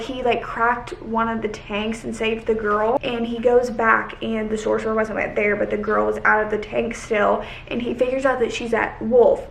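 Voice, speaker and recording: A young woman chatting casually on her reading vlog, rambling and excitable, full of "like.". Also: on the high side, creaky. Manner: excitable, rambling, heavy use of "like". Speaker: book vlogger. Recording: echoey room with faint noise.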